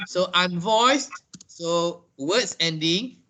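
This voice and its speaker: A Malaysian man with a fairly high, bright voice teaches English over a video call. He is patient and takes learners' questions one at a time, spelling words out and explaining slowly. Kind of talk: online class Q&A.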